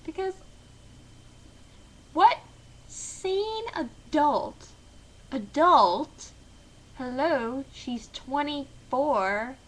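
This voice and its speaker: A woman's voice: sits high, a bit bright, a little hiss or hum, poor audio. A woman teacher telling a story to camera in a blunt, sarcastic, chatty way. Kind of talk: casual storytelling vlog.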